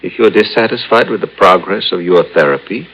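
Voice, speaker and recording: A deep, gravelly, evasive psychiatrist. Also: male voice, fairly quick. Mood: cold. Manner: detached, answers questions with questions. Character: cool, evasive male psychiatrist. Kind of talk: 1950s radio drama acting. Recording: dull old radio recording.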